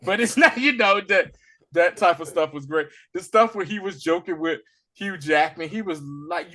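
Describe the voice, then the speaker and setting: Excitable guy on a movie podcast, bright voice, keeps laughing and doing the scenes. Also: high voice, normal speed. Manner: animated, laughs often, acts out quotes from scenes. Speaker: podcast co-host. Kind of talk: casual movie review chat.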